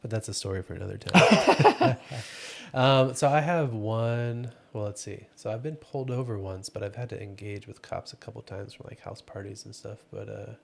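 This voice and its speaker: Low-voiced young man telling jokey anecdotes. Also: normal speed, creaky. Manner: relaxed, joking anecdotes with laughs and "um". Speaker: podcast co-host. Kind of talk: casual podcast chat.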